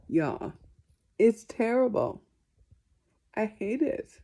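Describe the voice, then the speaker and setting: A woman's voice: fairly low pitch, gravelly, dark tone. A woman answering viewer questions in a casual vlog, chatty and self-deprecating.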